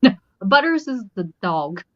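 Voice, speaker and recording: A woman's voice: fairly high pitch, very animated, slow, no echo. A middle-aged woman, a guest on a casual chat, rambling through stories with frequent giggles. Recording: dull, slightly muffled audio.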